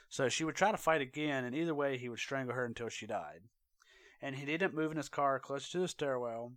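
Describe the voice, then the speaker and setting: A man at a middle pitch tells a true crime case in a loose, conversational way, peppered with "uh" and "you know" and quick self-corrections. His voice is close and dry, with almost no room sound, and it drops quieter when he adds his own opinion. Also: no room sound. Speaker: true crime podcast host. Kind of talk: casual true crime narration.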